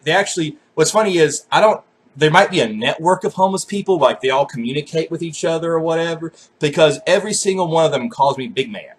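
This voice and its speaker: A man's voice: a little high, expressive, fast talker, a little hiss or hum. A young man vlogging a swearing, self-mocking comedic rant straight to the camera.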